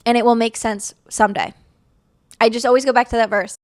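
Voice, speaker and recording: A woman's voice: a little high, fairly even intonation, fairly quick, dry recording, clean studio sound. A young woman hosting a podcast, talking earnestly and casually about faith, with lots of "like". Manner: earnest, conversational, heavy use of "like". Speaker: podcast host.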